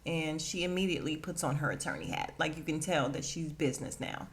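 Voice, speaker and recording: Brief: lively female podcast host, slightly low voice, casual chatty recap. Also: a little fast. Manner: animated, chatty, laughs often.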